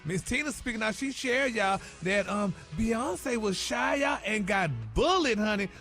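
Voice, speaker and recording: A sassy man dishes celebrity gossip on morning radio, tossing in "honey" and "y'all" all the time. His voice is high and chatty, and soft music runs under it. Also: lively intonation, unhurried.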